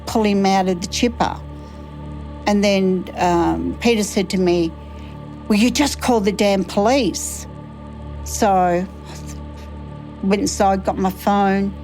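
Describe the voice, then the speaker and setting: A woman in her sixties recounts a harrowing night in an interview. She speaks at an ordinary pitch, halting and reliving it as she quotes others. Faint music sits behind her. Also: darkish tone, rough recording. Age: 60s. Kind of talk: recounting a personal ordeal in an interview.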